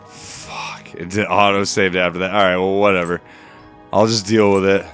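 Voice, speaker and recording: A man's voice: low voice, level tone, normal speed, a bit bright, faint music behind. A man giving casual game walkthrough commentary, laid-back and mumbling, with self-deprecating asides. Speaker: gameplay commentator.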